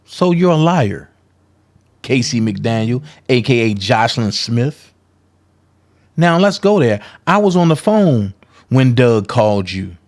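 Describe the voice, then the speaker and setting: A man's voice: mid-range voice, sing-song, takes it slowly, a little mellow. A man giving confrontational, profane commentary, calling people out in a heated rant. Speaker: commentary vlogger.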